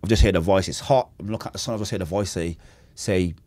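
A man's voice: deep voice, fast, darkish tone, no room sound. A man telling an intense, emotional personal story as a podcast guest. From Manchester, England. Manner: intense, emotional, acts out quoted voices.

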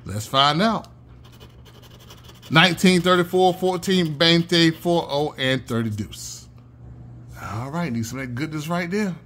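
Guy scratching lottery tickets on his channel, bright fairly high voice, chanting numbers sing-song. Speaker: channel host. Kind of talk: casual scratch-off ticket commentary.

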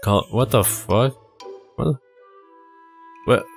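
A man's voice: medium pitch, very slow, faint music behind. A man casually commenting while he plays a game, muttering and swearing in loose reactions. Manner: laid-back, swears often, mutters reactions. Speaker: gaming channel host. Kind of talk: casual let's play commentary.

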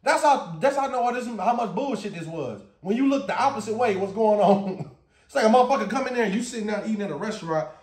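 This storytime vlog comes from a fast-talking man whose voice runs high for a guy. He rants profanely and with lots of energy, laughing often, and the recording carries a roomy echo.

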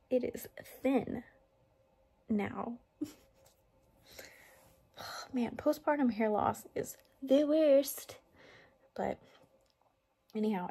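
Young female vlogger, relaxed chat, gravelly husky tone. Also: medium pitch. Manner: relaxed, chatty, laughs easily. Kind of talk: casual vlog chat. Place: home kitchen.

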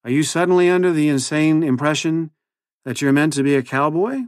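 A man's voice: fairly high pitch, a little fast, no room sound, pitched above the performer's own voice, lightly acted. A man voicing a tipsy, pedantic male history teacher with a dry, lecturing manner.

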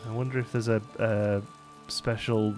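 A man's voice: on the low side, level tone, normal speed, darkish tone, faint music behind. A man casually commentating a city-building game as he plays, chatty and rambling, laughing often and thinking aloud. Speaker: let's play host.

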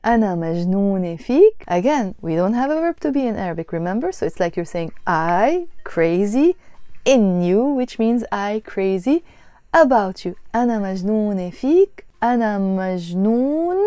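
Warm-voiced woman teaching. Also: medium pitch, no room sound. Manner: patient, repeats phrases slowly and explains grammar step by step. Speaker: language teacher. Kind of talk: spoken language lesson.

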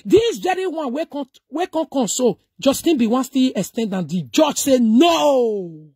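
A woman's voice: sits high, expressive, normal speed, mellow, breathy edge, no echo, clean studio sound. A middle-aged woman with a Nigerian accent giving emphatic, preachy commentary, mixing Pidgin and English. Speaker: social media commentator. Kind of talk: casual commentary.

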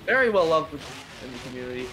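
A man co-hosting a live gameplay stream, chatty, scoring runs and pitching ideas. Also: very animated, fast, a crowd in the background. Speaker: stream co-host and track builder. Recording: noisy home mic.

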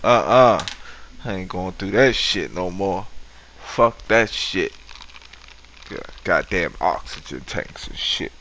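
A man's voice: low-pitched, lively intonation, takes it slowly, pauses often, pushed and bright, a little hiss or hum. A man commentating his own video game run, swearing and trash-talking the enemies on screen. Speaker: gamer. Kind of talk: profane let's-play commentary.

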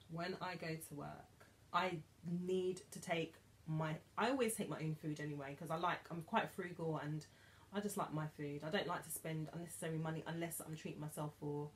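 A woman's voice: deep voice, slight background noise. A woman, chatting casually through a shopping haul with giggly, emotional asides. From England. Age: 30s. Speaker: vlogger.

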